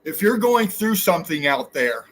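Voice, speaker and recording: A man's voice: a little high, sing-song, normal speed, a bit bright. A man hosting his own channel, delivering an angry, profane, preachy rant straight at his viewers. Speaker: channel host. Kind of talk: angry ranting monologue.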